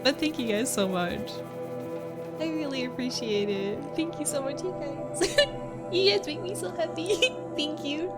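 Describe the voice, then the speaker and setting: A woman's voice: high voice, a little slow. A woman streaming live and chatting casually with her viewers, giggling often and gushing thanks to them. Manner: giggly, laughs often between lines. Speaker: streamer reading chat. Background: music playing.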